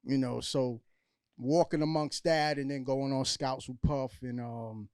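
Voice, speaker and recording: A man's voice: medium pitch, steady tone, a little slow, a little mellow, clear, resonant tone, no room sound, studio quality. Laid-back Brooklyn man, New York accent. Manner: laid-back storyteller, street slang like "ill". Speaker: guest filmmaker. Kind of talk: casual interview chat.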